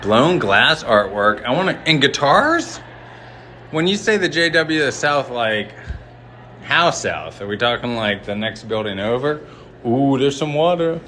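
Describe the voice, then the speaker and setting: Slight background noise accompanies a livestreamer filming on a handheld phone as he walks through a large hotel. Bright and forceful, his medium-pitched voice is animated yet a little slow as he chats, rambles and jokes with his viewers.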